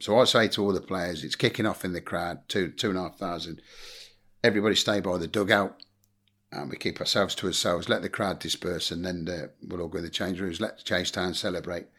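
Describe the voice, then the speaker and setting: A deep, slightly bright male voice belongs to a middle-aged English former football manager. He swaps blunt stories in an informal interview, cursing and acting out the quotes.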